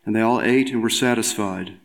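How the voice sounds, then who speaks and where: A man reading a scripture passage aloud in a church service, measured and formal. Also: on the low side, poor audio. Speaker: scripture reader.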